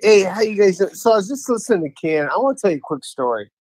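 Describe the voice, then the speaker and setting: A man's voice: sits high, big pitch swings, quick pace, a little mellow, dry recording, rough recording. A man calling in to a podcast, telling a story in a rambling, enthusiastic way, full of restarts. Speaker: caller to a podcast. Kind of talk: casual chat, storytelling.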